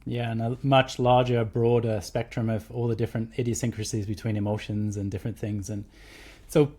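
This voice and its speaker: A man's voice: on the low side, level tone, fairly quick, dark tone, breathy edge. A man hosting a podcast, talking casually and earnestly, rambling and restarting his sentences. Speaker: podcast host.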